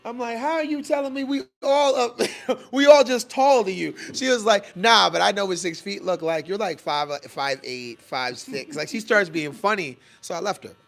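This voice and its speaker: A man hosting a barbershop podcast, telling animated stories full of slang in casual banter with friends. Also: high voice, normal speed, gravelly, few pauses. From Northern Virginia.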